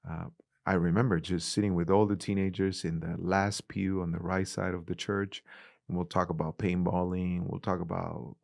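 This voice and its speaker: A middle-aged man with a Spanish-influenced accent, a youth ministries director telling animated stories in an interview and acting out the dialogue. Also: low voice, moderate pace, vocal fry, no echo, clean studio sound. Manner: animated storyteller, acts out quoted dialogue. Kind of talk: conversational interview.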